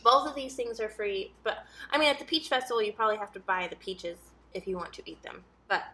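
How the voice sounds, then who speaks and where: A woman's voice: mid-range voice, fast, bright, forceful tone. A woman co-hosting a podcast, chatting in an easygoing way and laughing along. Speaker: podcast co-host. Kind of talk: casual chat.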